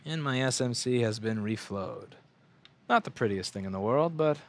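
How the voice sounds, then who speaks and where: A man's voice: mid-range voice, moderate pace, a little hiss or hum. A man in his twenties from the United States, ranting profanely and rambling while working at a repair bench. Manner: profane, rambling, animated rants with mocking put-on voices. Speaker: repair shop owner streaming bench work. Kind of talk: casual ranting livestream.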